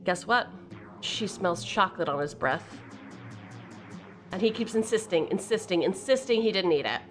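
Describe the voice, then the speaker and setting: A woman's voice: mid-range voice, lively intonation, moderate pace, music in the background. Laughing woman streamer telling family stories. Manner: chatty, laughs often between lines. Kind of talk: casual storytelling during a live stream.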